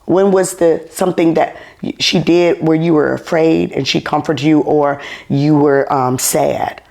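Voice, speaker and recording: A woman hosting a podcast in casual chat, an animated storyteller who laughs often. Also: low voice, unhurried, vocal fry. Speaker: podcast host.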